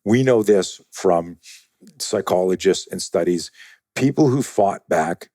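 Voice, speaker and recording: A man with a deep, dark voice tells stories in an animated, profane way, slipping into other people's voices as he goes. His voice is mellow rather than bright. The recording is dry and close. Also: takes it slowly, no echo. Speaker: guest, self-defense and fear-management trainer. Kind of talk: conversational storytelling in a podcast interview.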